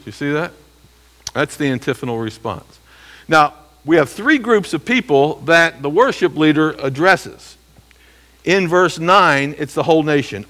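Emphatic bright-voiced male preacher. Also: mid-range voice, lively intonation, moderate pace. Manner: emphatic, rhetorical questions, reads scripture aloud. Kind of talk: expository sermon.

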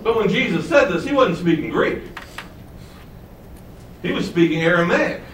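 A man's voice: sits high, animated, moderate pace, fairly bright tone, reverberant, recorded from a distance, a little hiss or hum, rough recording. A man preaching a sermon, teaching with rhetorical questions and asking his congregation to follow along. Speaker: pastor.

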